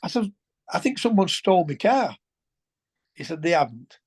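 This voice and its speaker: A man, a former footballer telling colloquial, animated anecdotes as an interview guest. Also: high voice, moderate pace, breathy edge. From England. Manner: animated, colloquial, swears, restarts sentences. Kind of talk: anecdotal storytelling.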